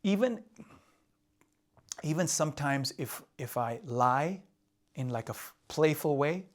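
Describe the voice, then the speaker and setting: Drawing on a board as he talks, a relationship coach offers husbands candid, confessional advice, frequently asking "right?" and repeating points. His voice is a little high, a little slow, with lively intonation.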